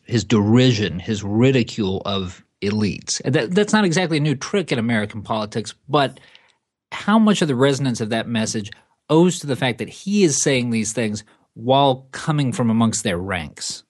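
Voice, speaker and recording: A man hosting an interview, asking measured questions and reading out quotes. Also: medium pitch, lively intonation. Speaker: interviewer, host.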